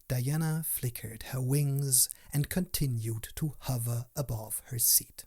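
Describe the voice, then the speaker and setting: A man narrating a storybook tale in a hushed, often whispered way. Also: mid-range voice, takes it slowly, hardly any pauses. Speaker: audiobook narrator.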